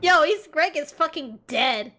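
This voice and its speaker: A woman's voice: high-pitched, expressive, a little slow, bright, forceful tone. A woman streaming a video game, chatting casually and playfully and mocking her own voice slips.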